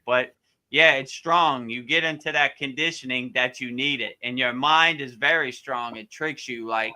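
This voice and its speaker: A man's voice: mid-range voice, moderate pace, sharp tone. A man who is a spiritual teacher gives casual advice in a live question-and-answer session, easygoing and repeating his words often, with many fillers.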